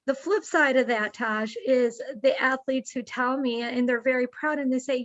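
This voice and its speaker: Woman podcast guest, high voice, animated storyteller, dry and slightly dull sound. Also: normal speed, few pauses, no echo. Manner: acts out quoted dialogue with lively shifts in pace. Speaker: nonprofit executive, guest.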